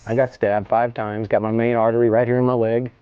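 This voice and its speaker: A man telling a story in a casual interview, animated, slangy and profane, often repeating himself. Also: mid-range voice, a little fast, clear, resonant tone, dry recording, highs cut off, faint music behind. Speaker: interview guest.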